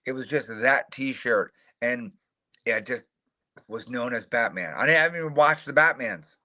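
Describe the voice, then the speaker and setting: A middle-aged man, a retired fighter, telling animated, profane, self-mocking stories in a casual interview and acting out the voices of others. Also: mid-range voice, moderate pace.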